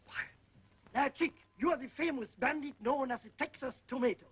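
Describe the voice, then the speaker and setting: An actor playing an excitable film director who shouts orders and mangles his English, with a raspy voice. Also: very high voice, moderate pace, exaggerated voice. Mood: bossy. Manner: shouting, fussy, broken English. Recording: dull old film soundtrack with music.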